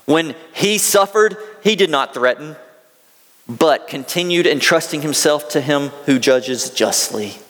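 A Southern-accented male pastor delivers a sermon, reading scripture and then breaking into casual, folksy asides. His voice sits a little high for a man. The sound carries a long, lingering reverb, as in a large hall. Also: expressive, unhurried, a bit bright.

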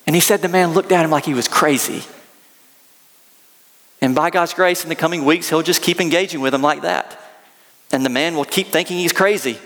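A male pastor preaching with earnest storytelling and casual asides. His voice sits a bit high for a man. A long reverb trails each phrase in a church hall. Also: a bit bright. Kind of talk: sermon.

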